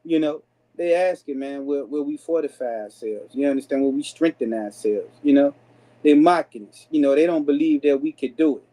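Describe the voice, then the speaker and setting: A man's voice: on the high side, fairly quick, warm tone, rough recording. Black American vernacular man teaching a class. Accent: African American Vernacular English. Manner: casual street-style speech with many "you understand" fillers. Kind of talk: informal scripture class.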